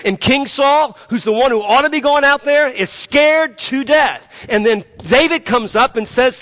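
A pastor preaching a sermon, swinging between loud emphatic peaks and quieter asides. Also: male voice, very high-pitched, measured pace, few pauses.

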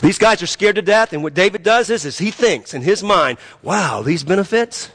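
High-voiced man preaching animatedly. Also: a little fast. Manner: animated preaching with swings between loud emphasis and quiet asides. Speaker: pastor. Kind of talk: sermon.

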